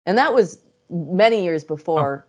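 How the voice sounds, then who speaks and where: A woman's voice: fairly low pitch, animated, measured pace, lo-fi sound. A middle-aged woman speaking as an interview guest, telling her stories casually, laughing often and acting out quotes. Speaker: interview guest, psychic channel.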